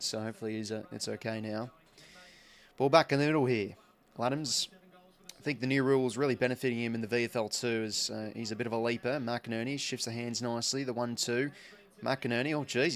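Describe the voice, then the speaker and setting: Chatty Australian man calling a live game. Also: medium pitch. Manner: chatty and colloquial, swears loosely, greets viewers by name. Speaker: YouTube host of a live football watch-along. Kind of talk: casual live game commentary.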